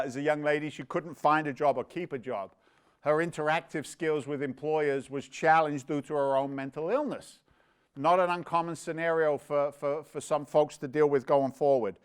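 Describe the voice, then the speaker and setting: An energetic man emceeing a virtual charity gala, joking and rambling as he urges viewers to give. His voice sits fairly high for a man and comes across smooth and clear. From London. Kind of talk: fundraising hosting. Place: virtual event, live stream.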